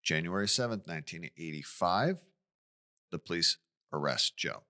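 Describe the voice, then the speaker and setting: A man's voice: deep voice, lively intonation, normal speed, sharp tone. A man co-hosting a podcast, recounting a true-crime case in casual chat with asides and questions. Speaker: podcast co-host.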